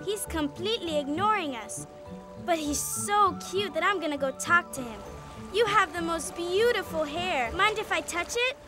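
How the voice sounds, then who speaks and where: A woman's voice: very high voice, expressive, normal speed, over music. A woman voicing a timid, fretful female cartoon cow who frets anxiously. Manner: anxious, panicky chatter.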